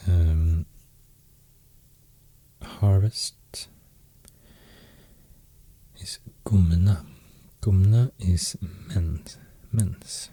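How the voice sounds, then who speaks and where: A man with a Swedish accent giving a soft-spoken ASMR talk, half-whispering and pausing often with fillers. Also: low-pitched, husky. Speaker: ASMR host explaining runes.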